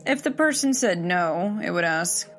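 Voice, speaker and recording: Gravelly woman narrating a horror story. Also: lowish voice, soft background music. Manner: steady, measured storytelling. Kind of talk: scripted horror story reading.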